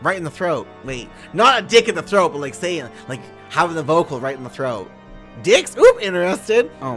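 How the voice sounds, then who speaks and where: A woman's voice: deep voice, big pitch swings, normal speed, fairly bright tone, soft background music. Bubbly, playful young woman streamer. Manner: playful, bubbly, giggly, swearing. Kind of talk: casual live-stream chat while gaming.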